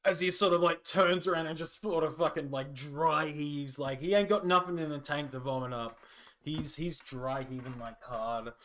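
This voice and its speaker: A man running a fan-made tabletop role-playing game as game master, relaxed and hesitant, with plenty of fillers. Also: fairly high pitch, moderate pace.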